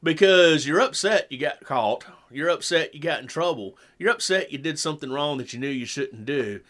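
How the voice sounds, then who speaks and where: Animated middle-aged man telling parenting stories. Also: moderate pace. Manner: animated storyteller, drops low for emphasis. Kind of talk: casual chat about parenting.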